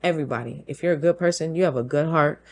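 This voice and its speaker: A woman hosting her own show, talking through a forceful opinion monologue, firing off rhetorical questions and laughing between points. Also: deep voice, fast talker. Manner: emphatic, fires rhetorical questions. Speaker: show host.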